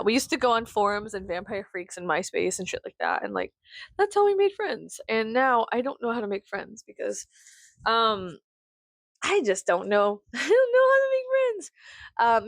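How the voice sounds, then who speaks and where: A woman's voice: on the high side, no room sound, clean studio sound. A woman in her thirties venting to camera in a casual vlog, sarcastic and full of profanity. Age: 30s. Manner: profane, sarcastic, animated ranting. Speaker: vlogger.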